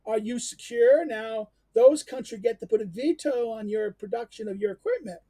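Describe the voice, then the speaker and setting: A man's voice: very high-pitched, normal speed, warm tone, dry recording. A man giving an unscripted lecture, rambling and emphatic, with many fillers and restarts.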